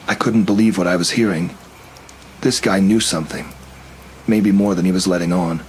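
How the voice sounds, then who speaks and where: A man narrating a first-person horror story in a steady, tense storytelling manner. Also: sits low, moderate pace, pauses often, slight background noise, rough recording.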